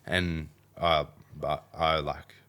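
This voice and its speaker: A young man with an Australian accent and a very low voice tells a story in a casual interview. He rambles, piles on fillers and acts out what people said. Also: little pitch movement, slow, pushed and bright. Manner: rambling, filler-heavy retelling with acted-out quotes. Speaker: podcast guest, athlete.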